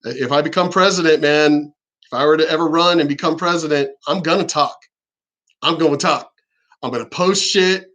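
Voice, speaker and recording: A man talking in a casual, rambling vlog, swearing freely and laughing often, getting higher and louder when he rants. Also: normal speed, muffled recording. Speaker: vlogger.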